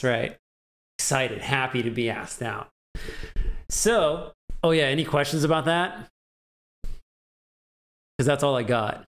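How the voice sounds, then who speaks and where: Chatty young man teaching a language lesson. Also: fairly high pitch. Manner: chatty, laughs often, acts out example lines. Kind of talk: casual live-streamed lesson.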